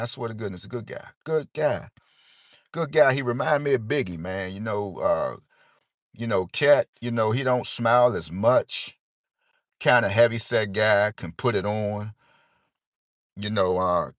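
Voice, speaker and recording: A man's voice: sits low, fairly bright tone, dry recording, studio quality. A man hosting a casual lottery-tips livestream, rambling and laid-back, dropping "man" into nearly every sentence.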